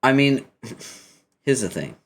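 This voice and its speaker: A man's voice: mid-range voice, big pitch swings, slow pace, breathy edge. Teasing, swearing British man. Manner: teasing, profane, banter with chat. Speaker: webcomic reader and streamer. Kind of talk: casual chat.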